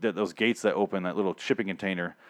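A man's voice: deep voice, steady tone, fast talker. Rambling, profane man recapping TV. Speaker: TV show recapper.

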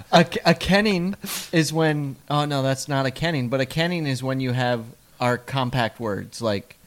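A man in loose, casual banter, pitched right in the middle for a man. He rambles from joke to joke, restarts his sentences and stumbles through words as he goes. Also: takes it slowly, pauses often. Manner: rambling, jokey, trips over his words. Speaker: podcast co-host. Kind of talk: casual chat.

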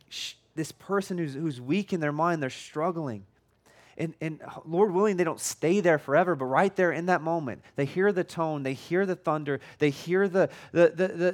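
A man preaching in a relaxed, chatty way, stumbling over restarts and doubling his words as he works through a point. His voice sits a bit higher than most men's. His tone can sound loud, even angry, when he isn't. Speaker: pastor. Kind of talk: conversational sermon.

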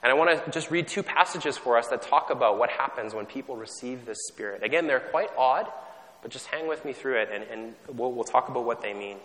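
Conversational preacher in a reverberant hall. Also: male voice, mid-range voice, brisk, fairly bright tone. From Canada. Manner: conversational, self-deprecating, with frequent restarts. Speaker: pastor. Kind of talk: sermon.

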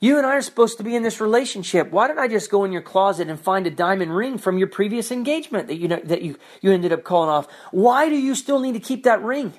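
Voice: medium pitch, lively intonation, quick pace, hardly any pauses, lightly acted. A preacher voicing God as a jealous husband who asks hurt, reproachful questions.

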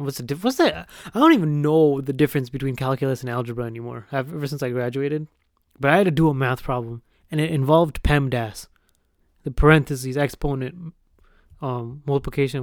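A young man spins a rambling, profane story in casual podcast talk, peppering it with "like" and "right?". His voice sits a little high, and the sound is dry and close. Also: a little mellow, no room sound. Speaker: podcast host.

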